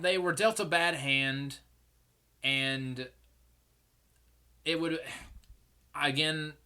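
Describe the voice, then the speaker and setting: A man's voice: a little high, pushed and bright. Opinionated young man ranting on a podcast. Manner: opinionated, rambling, swears freely. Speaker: podcast host. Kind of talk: casual solo commentary.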